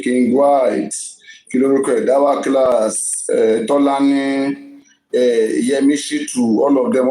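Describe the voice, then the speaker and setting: A man's voice: medium pitch, gravelly, mellow, roomy sound, low-quality recording. A man with a Nigerian accent hosting a casual live-stream gossip talk, emphatic and often repeating his words.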